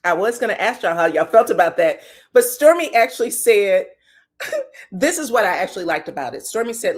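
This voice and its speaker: A woman's voice: medium pitch, big pitch swings, moderate pace. A woman recapping reality show drama in casual chat, acting out the quotes with frank, profane energy.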